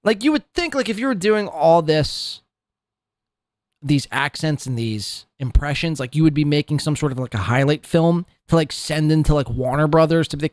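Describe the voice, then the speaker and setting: A man rants through podcast commentary, his voice sitting a little high. He is profane and scornful and rambles from point to point. The sound is dry and close, with no room in it. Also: moderate pace, no echo. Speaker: podcast host. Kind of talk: ranting commentary.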